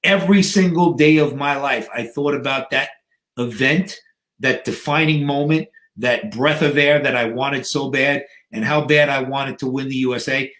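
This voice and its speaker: This fifties-aged guest, a fitness coach and bodybuilder, speaks at a normal speed with a medium-pitched, somewhat bright voice. Recorded in a room with echo, he plays out each scene as he dramatically narrates his story in the interview.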